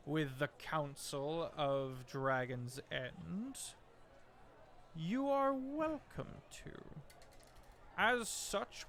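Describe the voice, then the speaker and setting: A man voicing a calm, measured human man with a cane who speaks diplomatically. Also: a little high, a little hiss or hum, voice pushed up, heavily acted.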